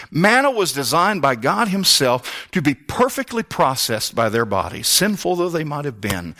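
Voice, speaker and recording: A man preaching a sermon with passion, rising to near-shouts and firing rhetorical questions at the congregation. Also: a little high. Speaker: pastor.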